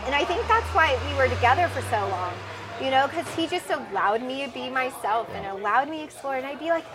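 A woman guest on a podcast, telling travel stories in an animated, rambling way, often laughing and acting out the voices of people she quotes. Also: high voice, a little fast, noisy background. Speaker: podcast guest, foundation founder. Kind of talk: casual storytelling interview.

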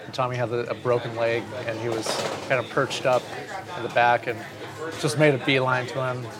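Animated male storyteller, mid-pitched, casual swearing, chatter of a crowd behind. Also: fairly quick. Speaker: drummer guest.

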